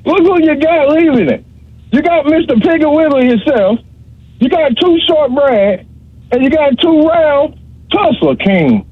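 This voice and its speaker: Man calling in, very high pitched, husky, teasing banter, muffled phone sound. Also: sing-song, a little slow, no echo. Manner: joking, teasing trash talk. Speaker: caller. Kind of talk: call-in radio banter. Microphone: phone line. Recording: dull phone line.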